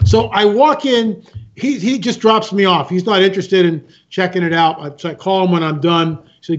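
High-pitched guy telling stories, emphatic, repeats stuff, kinda muffled recording. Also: normal speed. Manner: emphatic, repeats words, acts out other people's voices. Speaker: filmmaker and guest speaker. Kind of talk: animated storytelling talk. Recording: muffled lo-fi sound.

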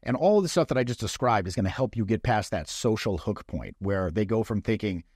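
A man coaching dating in a casual, blunt way, swearing freely and acting out quick mock lines. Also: lowish voice, expressive, darkish tone, breathy edge, dry recording, studio quality.

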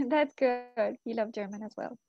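A woman's voice: on the high side, measured pace, lo-fi sound. A young woman teaching an English class to students, asking many short questions and switching into Spanish to explain.

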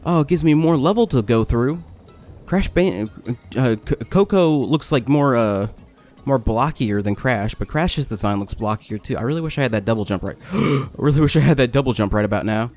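A man giving casual let's-play commentary, complaining, swearing and getting excited as he plays. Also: medium pitch, moderate pace, faint music behind. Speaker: gaming video host.

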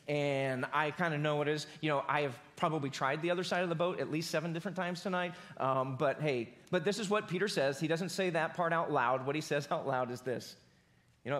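Pastor, man, casual preaching that swells to emphatic highs, a touch high-pitched. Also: a little fast, fairly bright tone. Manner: conversational preaching, builds to emphatic peaks. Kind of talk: sermon. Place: church auditorium.

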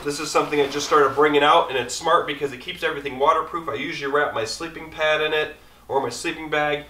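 A man's voice: on the high side, steady tone, fast, pushed and bright. Man, outdoor vlogger, casual gear rundown, rambling and easygoing, echoey room, mic at a distance.

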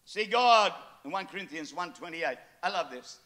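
Older man, pastor, sermon, high voice, animated storytelling. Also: normal speed. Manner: animated storytelling with acted quotes.

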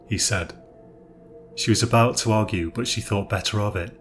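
Low-voiced man narrating a story. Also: normal speed, faint music behind.

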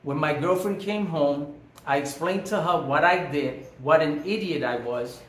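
A man's voice: on the high side, measured pace, a bit bright. A man telling a personal story as a monologue, emphatic and preachy, repeating phrases for effect. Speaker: vlogger. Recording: echoey room, faint background hum.

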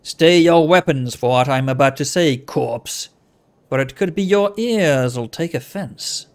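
A man voicing a sly, withered old male tiefling fence who leans on a crutch, mocking and quick to anger. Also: fairly high pitch. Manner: menacing, mocking, flares into fury.

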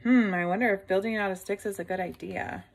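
A woman reading a picture book aloud to children, gently stopping to ask her listeners questions. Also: medium pitch, fairly even intonation, fairly quick, creaky.

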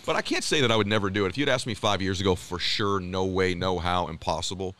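A man's voice: deep voice, fast talker. A middle-aged man as a podcast guest, talking in an earnest, motivational way and acting out the dialogue in his stories. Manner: animated storyteller, acts out quoted dialogue. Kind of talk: podcast interview.

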